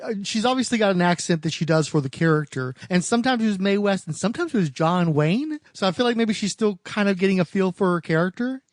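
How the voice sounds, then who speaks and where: A man's voice: high-pitched, lively intonation, fast talker, hardly any pauses, dry recording, studio quality. A man co-hosting a podcast, chatting casually with wry asides and background trivia. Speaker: podcast co-host. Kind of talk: casual chat.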